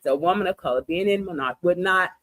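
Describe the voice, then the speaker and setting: A woman's voice: on the low side, fairly bright tone, no room sound. A woman guest explaining a research study in an earnest, explanatory way. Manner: earnest, explanatory, slows down for numbers.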